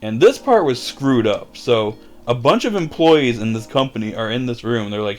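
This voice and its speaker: A man's voice: medium pitch, expressive, normal speed, hardly any pauses, darkish tone. A man giving a casual, chuckling recap of an anime episode, with lots of fillers. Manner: chuckles often, filler-heavy.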